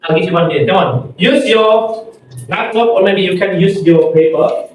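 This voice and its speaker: A man with an Indonesian accent, teaching an English pronunciation lesson and repeating words slowly for students to copy. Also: high-pitched, expressive, slight background noise. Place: classroom. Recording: echoey room, far from the mic.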